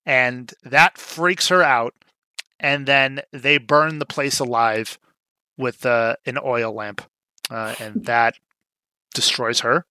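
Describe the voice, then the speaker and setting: A young man with a bright, forward voice chats casually as a podcast co-host, walking through a movie's plot. He tosses in dry, sarcastic asides and keeps filling gaps with "um" and "like". His voice sits close and dry, with no room around it. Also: medium pitch, fairly even intonation, slow pace, clean tone, no room sound. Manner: wry, sarcastic asides with frequent fillers. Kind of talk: casual movie recap chat.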